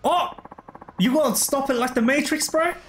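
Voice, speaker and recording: A man casually commentating his gameplay, excitable, laughing often and saying "bro" all the time. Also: very high voice, normal speed, slight background noise. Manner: excitable, laughs a lot, says "bro" constantly. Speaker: gameplay streamer. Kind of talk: casual let's play commentary.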